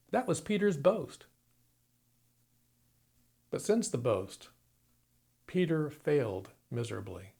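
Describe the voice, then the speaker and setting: A man's voice: a little high, gravelly, darkish tone. A man preaching a sermon, retelling a story dramatically and acting out the quoted lines. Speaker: pastor.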